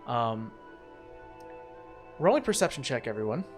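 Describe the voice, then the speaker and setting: A man's voice: mid-range voice, very animated, measured pace, faint music behind. A man narrating as game master of a tabletop game, rambling with many fillers and restarts.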